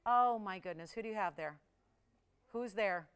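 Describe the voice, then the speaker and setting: A woman hosting a live jewelry shopping show, chatty and excitable, often laughing and talking to callers and operators. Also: medium pitch, moderate pace, clear, resonant tone.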